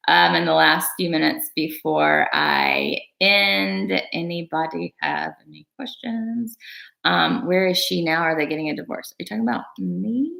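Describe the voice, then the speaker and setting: Low-voiced woman chatting on a livestream. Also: creaky, bright, forceful tone. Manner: rambling, earnest, many fillers and restarts. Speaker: livestream vlogger. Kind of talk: casual livestream chat. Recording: roomy room echo.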